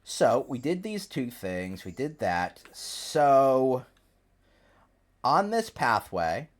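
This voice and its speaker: Male streamer, animated and rambling, casual live commentary over a desk mic. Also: mid-range voice, extremely slow. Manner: chatty, rambling, lively, reads characters aloud. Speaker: streamer playing a story game. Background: faint game piano music.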